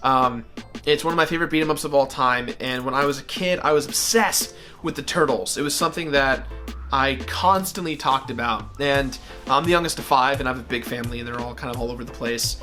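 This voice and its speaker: A man telling a personal story in a casual, animated way, with a few fillers. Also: mid-range voice, a little fast, faint music behind. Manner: animated, acts out family voices in his anecdotes. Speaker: guest gamer.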